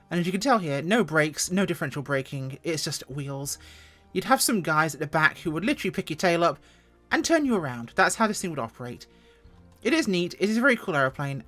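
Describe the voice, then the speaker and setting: A woman's voice: low-pitched, a bit bright. A woman at home giving casual, joking, self-mocking commentary as she reviews a flight sim.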